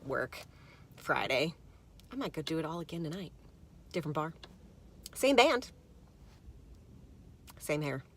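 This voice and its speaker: A middle-aged woman vlogging, telling a story in a gravelly, tired voice and mimicking the people she quotes. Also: deep voice, measured pace, pauses often. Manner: animated, mimics others in quotes. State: gravelly from little sleep. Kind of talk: casual storytelling to camera.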